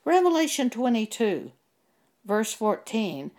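A woman preaching a sermon at an unhurried, drawn-out pace. Her delivery is deliberate and emphatic, stressing each word and stopping to cite chapter and verse. Her voice sits at a middle pitch for a woman. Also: lively intonation, a little mellow. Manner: slow, deliberate and emphatic, citing scripture verses.

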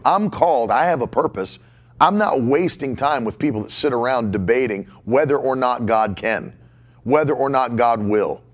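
A man's voice: fairly high pitch, vocal fry. A man in his forties preaching a podcast sermon, emphatic and fond of repeating short punchy lines. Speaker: pastor.

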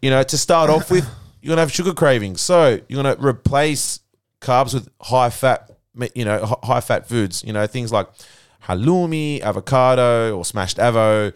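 A man's voice: medium pitch, moderate pace, clean tone, no echo, studio quality. A young adult man, a podcast guest chatting casually and telling a story in a slangy, laid-back way. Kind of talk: casual chat. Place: podcast studio.

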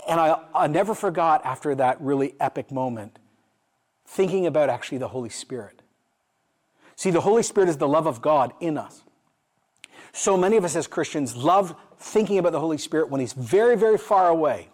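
A man's voice: on the high side, expressive, brisk, darkish tone. A middle-aged man preaching a sermon, asking his listeners questions and telling a story, building to emphatic peaks. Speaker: pastor.

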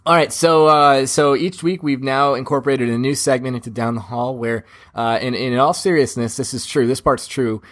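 A man's voice: mid-range voice, fairly even intonation, moderate pace, hardly any pauses, a bit bright. A man hosting a casual film podcast, chatty and repeating words as he talks to listeners. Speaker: podcast host.

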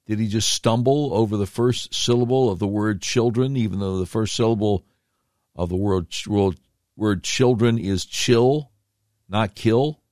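Rich: A man with a low voice hosts a podcast, talking through the news with sarcastic, rambling commentary and slangy asides. The sound is dry and close, with no room echo. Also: fairly even intonation, moderate pace, a little mellow. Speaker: podcast host.

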